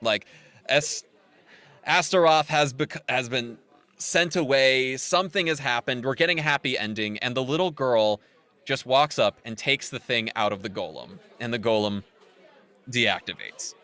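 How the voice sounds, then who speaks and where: In a dry recording, a man speaks at a moderate pace with a medium-pitched voice. As a podcast co-host, he gives a casual, animated rundown of a film's plot, voicing quotes from its characters.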